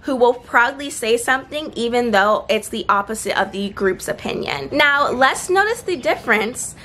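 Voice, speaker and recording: A woman's voice: a little high, lively intonation, bright, forceful tone, a little hiss or hum. A young woman in a casual vlog giving earnest, encouraging speaking tips, recorded outdoors with seagulls nearby. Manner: earnest, encouraging, slows for emphasis. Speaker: vlogger giving confidence tips.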